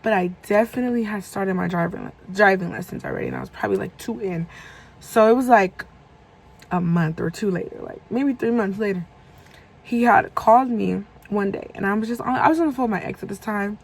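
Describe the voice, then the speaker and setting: Husky young woman telling a story. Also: mid-range voice, a little fast, low-quality recording. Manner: chatty, lots of fillers, acts out quoted dialogue. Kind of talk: casual storytime.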